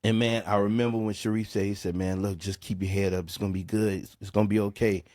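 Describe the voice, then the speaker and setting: On a podcast, a middle-aged guest from New Orleans, USA, a music producer, talks casually through a personal story at a quick pace in a lowish voice. He acts out the quoted lines with animation and keeps saying "bro" and "man."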